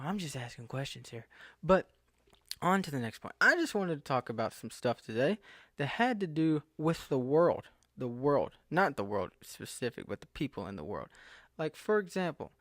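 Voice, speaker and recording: A young Southern US man vlogs casually, his slightly high voice rambling to camera, cutting himself off, and growing incredulous. The computer screen recording sounds clean and studio-like, with no echo.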